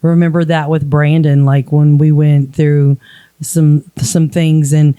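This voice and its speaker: A woman hosting a casual faith conversation, chatty and quick to laugh. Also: low-pitched, level tone, dark tone, clean tone. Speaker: podcast host.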